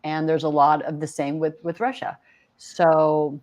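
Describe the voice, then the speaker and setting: Low-voiced woman, earnest podcast talk. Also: level tone, unhurried, darkish tone. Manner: earnest, lists facts, trails off and restarts. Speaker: podcast co-host. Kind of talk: casual chat.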